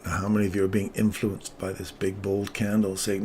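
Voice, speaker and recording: A man's voice: deep voice, monotone, a little fast, darkish tone, a little hiss or hum. A middle-aged man hosting a live trading stream, talking casually and wandering off on tangents. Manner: casual, rambling, easily sidetracked. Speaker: trading channel host.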